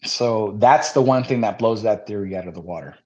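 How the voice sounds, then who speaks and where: A man co-hosting a casual podcast who thinks aloud hesitantly and often trails off softly. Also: fairly low pitch, fairly quick, dull audio. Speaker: podcast co-host.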